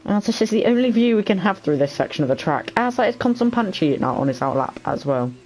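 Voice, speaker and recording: A man's voice: sits high, sing-song, fast, darkish tone. A man commentating a sim race in a put-on Australian accent, with joking banter full of "mate". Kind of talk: casual sim racing commentary.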